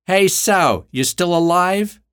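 A vicious young woman kidnapper, sneering and quick to threaten, her voice jumping high when she snaps, as a male storyteller with a deep voice acts her out. She mocks her captive with open contempt. It plays like a dark audiobook scene. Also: wildly swooping pitch, no room sound, clean studio sound, full character voice. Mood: taunting. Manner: mocking and threatening.

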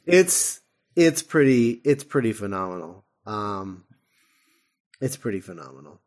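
A man's voice: on the low side, big pitch swings, measured pace. A man co-hosting a podcast in casual chat, dropping dry quips and corrections. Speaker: podcast co-host.

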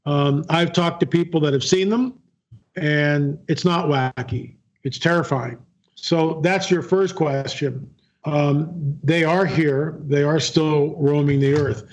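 A man's voice: fairly high pitch, fairly even intonation, slow. A man, a guest filmmaker, telling a story in an interview, earnest and repeating key phrases. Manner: earnest, repeats phrases, acts out quoted dialogue.

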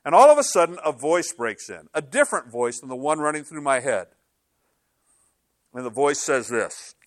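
An older man preaching a sermon as a pastor, telling stories with lively voice changes as he acts out inner dialogue. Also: on the high side, moderate pace, no echo, studio quality.

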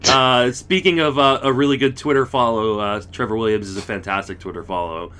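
A man hosting a casual podcast, moving it briskly from one segment to the next. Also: medium pitch, fairly even intonation, pushed and bright, a little hiss or hum. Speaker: podcast host.

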